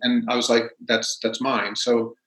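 A man, a stage actor as a guest, telling stories in a casual, animated way and acting out what people said. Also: medium pitch, unhurried. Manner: animated, acts out quotes. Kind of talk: casual storytelling. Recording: roomy echo.

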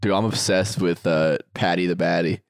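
A young man co-hosting a casual podcast, teasing the others with deadpan quips. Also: deep voice, normal speed, creaky, no room sound, clean studio sound. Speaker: podcast co-host. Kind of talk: casual chat.

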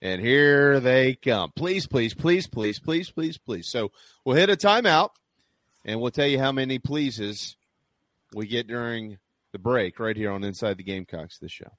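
A man's voice: mid-range voice, lively intonation, normal speed, fairly bright tone, no room sound. A man hosting a sports talk show, chatting and reading ads in a folksy, salesy way. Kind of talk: sports radio talk with live ad reads.

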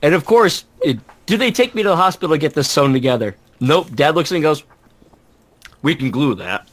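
A man on a casual podcast who jumps in with quips and laughs through his side of the story. His voice is a bit high for a man and moves around a lot in pitch. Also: lively intonation, fast talker. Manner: chiming in with jokes and laughing. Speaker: podcast co-host. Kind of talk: casual chat.

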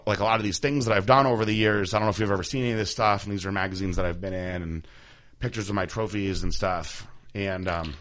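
A young man hosting a podcast, telling a personal story candidly, with many fillers and halting restarts. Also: lowish voice, fairly bright tone. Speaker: podcast host.

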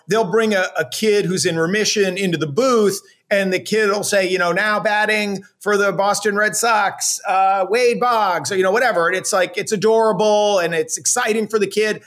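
A man's voice: high voice, fairly quick, hardly any pauses, fairly bright tone. A man co-hosting a casual sports chat, ranting with sarcasm, laughing and swearing. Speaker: podcast co-host.

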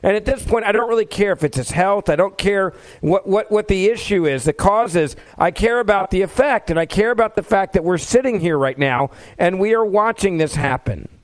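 Impassioned high-voiced male commentator. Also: expressive, a little fast, few pauses, dry recording. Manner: impassioned, rhetorical questions. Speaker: podcast host. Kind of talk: political commentary monologue.

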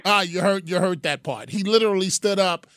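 A man's voice: high-pitched, brisk, a bit bright, clear, resonant tone, no echo, clean studio sound. A man hosting a talk radio call-in show, earnest, often repeating his phrases and taking calls. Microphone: studio mic.

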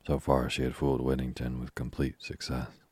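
A man narrates a classic novel as a sleep story in a slow, soothing, steady way. His voice is extremely deep and breathy-husky, with almost no melody. The recording is close and completely dry. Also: dry recording. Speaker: audiobook reader.

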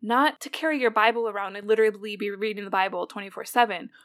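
A woman's voice: mid-range voice, steady tone, fast, fairly bright tone. A woman guest in a casual conversation about faith, explaining her ideas thoughtfully and at length.

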